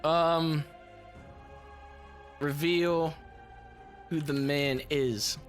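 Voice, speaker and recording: A woman streamer with a low, fairly even voice reads a text adventure aloud at an extremely slow pace while faint music plays behind her. She giggles often, swears a lot, and reacts with disbelief to what happens.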